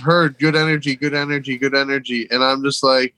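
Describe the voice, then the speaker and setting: Bright-voiced laid-back young man. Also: medium pitch, little pitch movement, a little fast, dry recording. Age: 20s. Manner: laid-back, slangy, self-mocking. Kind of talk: casual chat.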